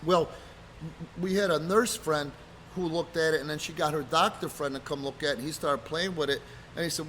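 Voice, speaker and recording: A man casually telling rough road stories from his wrestling days, swearing freely and loudly acting out what people said. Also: on the high side, a little fast, slight background noise. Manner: profane, animated, acts out quotes loudly. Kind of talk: casual storytelling chat.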